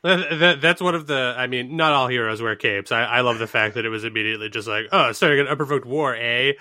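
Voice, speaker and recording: A man co-hosting a casual podcast, with a bright, sharp-edged voice recorded close and dry. He drops wry, sarcastic one-liners. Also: mid-range voice, fairly even intonation, quick pace, no room sound. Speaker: podcast co-host.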